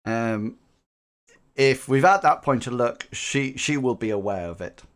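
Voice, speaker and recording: A man's voice: medium pitch, animated, a little slow. A man narrating as game master for a tabletop game, rambling with lots of ums and likes. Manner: rambling, filler-heavy, laughs easily.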